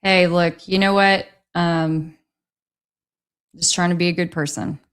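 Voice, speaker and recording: A woman's voice: fairly low pitch, flat delivery, measured pace, clear, resonant tone. A woman hosting a casual livestream, talking with the chat in a rambling, hesitant way, with many restarts. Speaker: livestream host reading chat.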